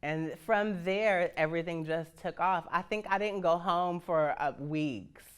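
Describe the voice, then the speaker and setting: A woman in her fifties from Northern California frankly recounts her life story, acting out the voices of people she quotes. Her lowish, clear, resonant voice moves at a measured pace, and her manner is salty and full of laughter.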